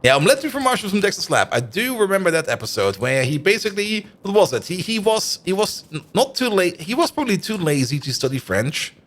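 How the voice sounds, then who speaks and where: A man's voice: high voice, very animated, fast talker, few pauses, a bit bright. A man streaming a game live, chatting and thinking aloud as he plays and laughing often. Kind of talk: live stream commentary while playing.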